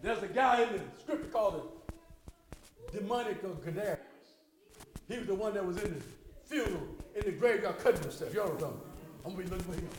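Brief: older man preacher, very high and hollering, echoey church with a crowd behind. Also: expressive, fairly quick, long pauses. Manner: hollering, playful, call-and-response with the congregation. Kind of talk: lively church sermon. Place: church hall with congregation.

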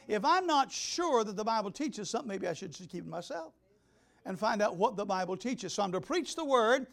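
High-voiced older man preaching emphatically. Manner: emphatic, repeats key words, swings between loud and soft. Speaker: pastor. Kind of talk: sermon. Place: church.

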